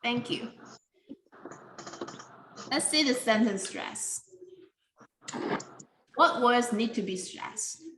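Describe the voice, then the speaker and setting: A woman teaching English pronunciation in a careful, deliberate way, with simple non-native grammar. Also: fairly high pitch, lively intonation, roomy sound, background noise. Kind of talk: slow classroom explanation.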